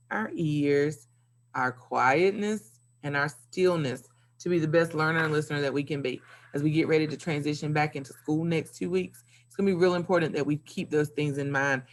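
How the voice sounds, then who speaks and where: A woman teacher giving a recorded video lesson to young pupils, upbeat and playful with sing-song emphasis. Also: low voice. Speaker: elementary school teacher.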